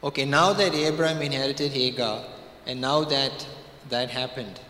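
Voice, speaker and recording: Emphatic preacher in an echoey hall. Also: male voice, mid-range voice, normal speed, bright, forceful tone, slight background noise. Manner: emphatic, repeats phrases, stretches key words. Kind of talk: sermon.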